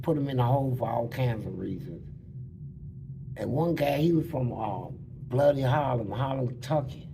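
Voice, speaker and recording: A man bluntly telling prison stories in casual, animated talk. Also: mid-range voice, background noise. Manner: animated, blunt, slips into voices. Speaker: interviewee.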